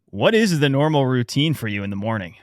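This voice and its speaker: A man's voice: medium pitch, sing-song, fairly quick, dry recording, clean studio sound. A man co-hosting a podcast in casual chat, an easygoing storyteller asking questions. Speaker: podcast co-host.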